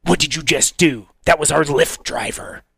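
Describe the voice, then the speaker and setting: A man with a fairly high voice tells a dating story on a radio show, laughing as he goes and jumping into silly voices. The recording is dry and close to the mic. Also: fairly even intonation, moderate pace, gravelly, fairly bright tone, breathy edge, no room sound.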